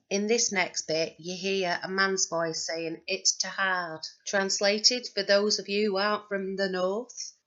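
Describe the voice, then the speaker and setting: A woman's voice: lowish voice, a bit bright. Wry Northern English woman narrating, lo-fi. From north of England. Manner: chatty and wry, dry humour. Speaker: paranormal investigator presenting recordings. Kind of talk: narrated commentary over recorded clips.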